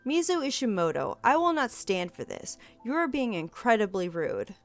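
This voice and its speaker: A woman voicing a stern, pompous male schoolteacher who scolds in a prim, formal way over soft game music. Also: fairly high pitch, very animated, moderate pace. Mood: indignant.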